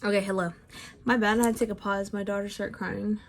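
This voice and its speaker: A young, heavily pregnant woman talks fast in a level, medium-pitched voice, out of breath as she does her makeup for the camera at home. This beauty vlogger keeps the tutorial chat casual and self-deprecating, sighing often.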